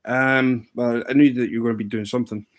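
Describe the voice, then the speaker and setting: A Scottish man in his thirties, chatting casually on a livestream and telling a rambling story, with sudden pitch jumps when he mimics other people. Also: steady tone, quick pace. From Scotland. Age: 30s. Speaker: live streamer.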